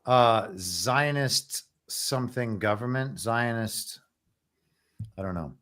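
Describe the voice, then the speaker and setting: A man's voice: mid-range voice, takes it slowly, fairly bright tone. A man co-hosting a casual livestream, giving brief, offhand replies. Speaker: co-host.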